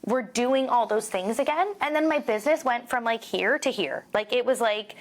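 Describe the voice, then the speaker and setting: A woman's voice: a little high, normal speed. Candid, talkative woman guest. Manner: open, emotional, peppers speech with "like" and swearing. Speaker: podcast guest, realtor. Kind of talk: candid casual conversation.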